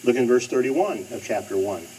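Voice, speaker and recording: A man's voice: medium pitch, expressive, moderate pace, a little mellow, recorded from a distance, a little hiss or hum, rough recording. A male preacher delivering a sermon, emphatic and repeating phrases for stress.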